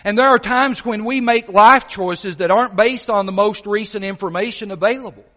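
Animated preacher in a reverberant church. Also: male voice, high voice, moderate pace. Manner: earnest, animated storytelling with many fillers. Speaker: visiting gospel preacher. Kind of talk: sermon. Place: church hall. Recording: dull sound, long church reverb.

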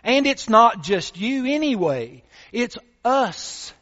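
Guy preaching a sermon, high voice, pushes hard on his points, muffled and echoey. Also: big pitch swings, takes it slowly, a bit bright. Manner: emphatic, rhetorical questions to the congregation. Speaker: pastor.

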